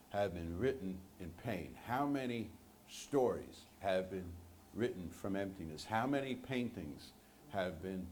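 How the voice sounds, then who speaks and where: A man's voice: sits low, a little mellow, a little hiss or hum. A man preaching a sermon to a congregation, speaking conversationally and with animation, joking with his listeners. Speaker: minister. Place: church sanctuary.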